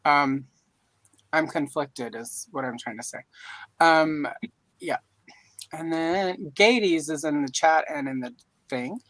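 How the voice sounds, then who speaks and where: A woman's voice: low-pitched, slow, pauses often, fairly bright tone, no echo, poor audio. A woman from Louisiana hosting a casual live-stream chat, joking and rambling with self-deprecating asides. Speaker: host. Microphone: video call mic.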